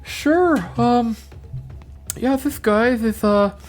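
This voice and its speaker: A woman's voice: fairly high pitch, drawn-out words, darkish tone, soft background music. A woman voicing a friendly, nervous kobold who rambles and hesitates as he talks. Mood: chatty. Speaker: game master.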